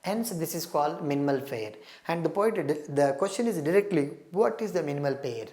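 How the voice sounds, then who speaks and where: Low-voiced woman teaching exam prep. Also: animated, brisk, dark tone. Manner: explanatory, repeats key terms and phrases. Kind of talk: recorded exam-prep lecture. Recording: roomy echo.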